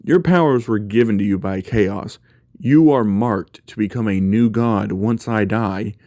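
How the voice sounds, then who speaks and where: A man's voice: fairly low pitch, measured pace, dark tone, dry recording, natural voice. A man voicing a stern, commanding male king of the gods who scolds bluntly and swears.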